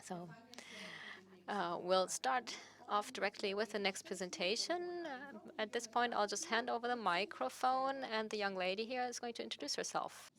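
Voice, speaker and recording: A woman moderating a conference, briskly announcing the next speaker in a matter-of-fact way. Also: a little high, fairly bright tone.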